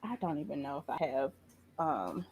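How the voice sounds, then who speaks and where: A woman guest on a podcast, chatting casually and telling animated stories, often laughing. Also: deep voice, normal speed, breathy edge. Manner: lively storyteller, acts out quotes in voices; laughs often while talking. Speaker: guest, pastry chef.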